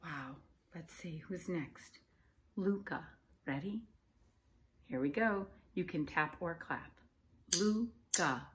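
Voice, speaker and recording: A woman teacher giving a recorded lesson to young children, patient and encouraging, clapping out syllables and sometimes dropping to a soft whisper. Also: lowish voice, a little hiss or hum. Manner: slow, patient and encouraging, claps and taps out syllables.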